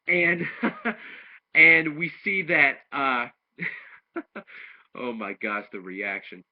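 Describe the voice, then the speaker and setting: His voice is a little high, with big pitch swings and drawn-out words, and he pauses often. The man is loosely recapping and reviewing an anime episode, restarting as he goes and acting out what characters say, on a dull lo-fi home recording.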